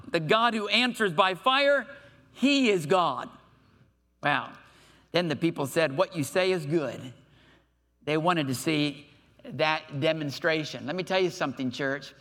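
A man preaching a sermon to his church, reading scripture aloud and breaking off with lively asides. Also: sits high. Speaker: pastor.

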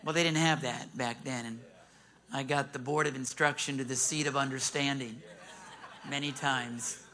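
Bright-voiced emphatic male preacher. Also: medium pitch, fairly even intonation, moderate pace. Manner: emphatic preaching with rising calls for amen. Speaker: pastor. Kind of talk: sermon.

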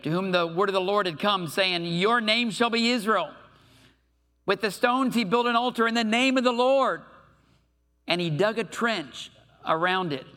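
A man preaching a sermon to his church, reading scripture aloud and breaking off with lively asides. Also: high-pitched. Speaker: pastor.

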